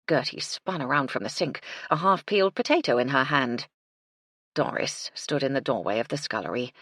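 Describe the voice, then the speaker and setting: A woman narrating an audiobook in a measured, expressive reading on a close mic. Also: low voice, dry recording. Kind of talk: scripted narration.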